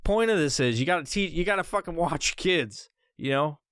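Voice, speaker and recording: A podcast host spins a loose, curse-filled comedic story, wandering from one thought to the next. His voice sits a bit higher than most men's. The sound is dry and close to the mic. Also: expressive, moderate pace, fairly bright tone, clean tone, no echo. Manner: rambling and heavily profane.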